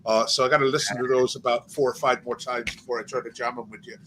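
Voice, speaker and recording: A man's voice: mid-range voice, fairly even intonation, quick pace, fairly bright tone, slight background noise, low-quality recording. A tired man talking as a guest on a casual livestream chat, laid-back and swearing casually.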